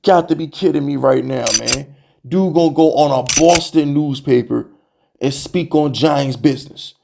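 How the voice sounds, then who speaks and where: A young man hosting a sports fan channel, ranting to camera in an exasperated, animated way, full of rhetorical questions and repeated jabs. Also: a little high, normal speed, vocal fry, background noise. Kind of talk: heated fan rant to camera.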